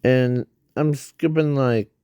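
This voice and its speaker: Slow, halting man with a dark voice. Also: medium pitch, steady tone, clean tone, no room sound, studio quality. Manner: halting, many fillers and restarts. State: breathing hard. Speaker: fan video creator. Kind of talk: casual rambling explanation.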